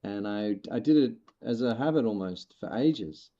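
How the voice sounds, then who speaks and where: A man's voice: fairly low pitch, expressive, moderate pace, dark tone, lo-fi sound. A man from Australia with a partly Americanized Australian accent, chatting casually and musing while he streams a game, swearing now and then. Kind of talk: casual live-stream chat while playing.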